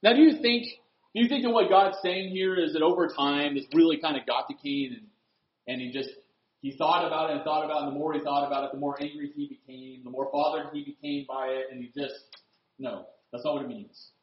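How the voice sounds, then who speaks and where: A man preaching a sermon, swinging from loud, emphatic lines to hushed, earnest asides. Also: a little high, fairly even intonation, a little fast, highs cut off.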